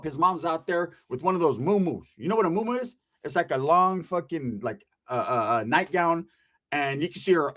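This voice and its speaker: A man with a notably high-pitched voice tells a story in rough street slang. He is animated and swears constantly, and he chuckles at his own jokes as he goes. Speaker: storyteller, ex-convict. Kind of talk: casual profane storytelling.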